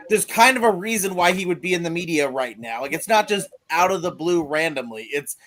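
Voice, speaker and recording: A woman's voice: on the low side, expressive, a bit bright. A woman co-hosting a podcast, chatting casually and teasing the others. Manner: teasing, quick with jokes. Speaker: podcast co-host. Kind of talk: casual chat.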